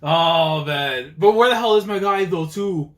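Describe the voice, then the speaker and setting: Excitable young man reacting to manga. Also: on the high side, measured pace. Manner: excitable, slangy, reads panels aloud and voices characters. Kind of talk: live reading reaction.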